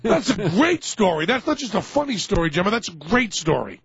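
A man's voice: sits high, big pitch swings, a little fast, vocal fry, lo-fi sound, a little hiss or hum. A man hosting a radio show, telling rambling stories and laughing a lot in casual chat.

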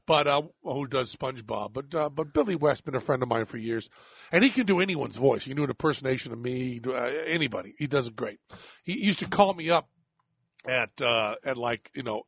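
Radio guy rambling along, lots of restarts, dry close sound, kinda raspy. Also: medium pitch, brisk, no echo, dull audio. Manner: self-deprecating, rambling with restarts. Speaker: radio show host. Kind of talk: casual radio chat.

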